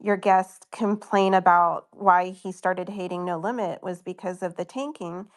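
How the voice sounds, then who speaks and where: A woman guest on a casual podcast chat with a somewhat low voice. She speaks thoughtfully and hesitantly, pausing on fillers and restarting sentences as she works through her ideas. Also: fairly even intonation. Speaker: guest, author.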